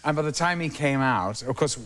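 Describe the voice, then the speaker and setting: A man, a talk show guest telling lively anecdotes and trailing off between phrases. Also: medium pitch, brisk, slight background noise. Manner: animated, trails off, acts out the people he quotes. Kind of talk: anecdotal storytelling.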